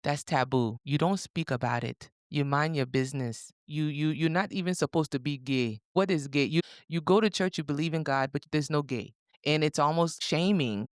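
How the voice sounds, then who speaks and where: Candid woman podcast host, smooth dry voice. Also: deep voice, moderate pace, hardly any pauses, dry recording. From Africa. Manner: candid, animated storytelling. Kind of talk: casual podcast chat.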